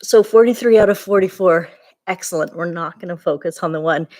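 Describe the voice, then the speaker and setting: A woman's voice: fairly low pitch, brisk, a little mellow. A woman in her forties talking candidly and tiredly in a personal vlog update, rambling with many fillers and restarts. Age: 40s. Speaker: vlogger.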